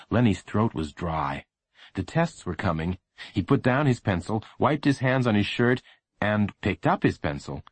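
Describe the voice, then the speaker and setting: A man reading a children's story aloud in a low voice that rises and falls expressively. The sound is close and dry, with no room around it. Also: lively intonation, moderate pace, slightly rough, no room sound. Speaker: narrator. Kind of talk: audiobook narration.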